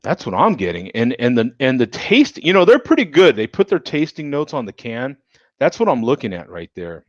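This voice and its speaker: A man's voice: medium pitch, normal speed, no room sound, lo-fi sound. A man hosting a casual beer review show, thinking aloud as he pours, smells and tastes a beer. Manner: relaxed, thinking aloud while sniffing and tasting.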